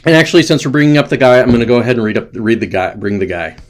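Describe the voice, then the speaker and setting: A man's voice: mid-range voice, animated, very fast. A man hosting a livestream, ranting with profanity and calling out chat viewers by name. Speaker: livestream host.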